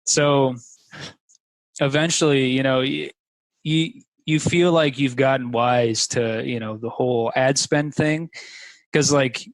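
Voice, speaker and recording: A man's voice: mid-range voice, fairly even intonation, takes it slowly, no room sound, low-quality recording. A man, a guest, telling a story in casual conversation, rambling with lots of fillers.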